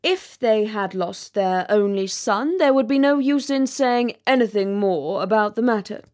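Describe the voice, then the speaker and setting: Brief: woman voicing a self-important storybook rocket, pompous and tearful, theatrical and unhurried. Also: medium pitch, expressive, a little mellow, close to an everyday voice. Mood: haughty. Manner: melodramatic, wailing, self-important. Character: pompous self-pitying male firework rocket.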